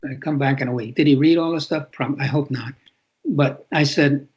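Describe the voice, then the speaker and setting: An author in his eighties from New York City reflects in an interview, frequently repeating words for emphasis. His mid-range voice is husky and a little mellow at normal speed, and the recording is lo-fi and muffled.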